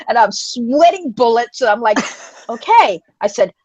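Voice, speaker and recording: A woman with a fairly high voice tells a story in a casual, rambling way on a live stream. She restarts often and leans on fillers. The audio is dry and close, with a dull, lo-fi sound. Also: fairly quick, no echo. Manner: animated, acts out quoted voices in a higher pitch. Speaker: co-host of an online women's livestream community. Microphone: phone or webcam on a live stream.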